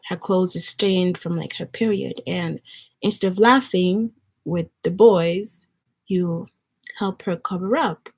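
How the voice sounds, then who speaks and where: A woman's voice: lowish voice, a little mellow. A woman in her twenties from Nigeria, telling a personal story in an earnest, rambling chat for her vlog. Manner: earnest, conversational, rambling with fillers. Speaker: vlogger.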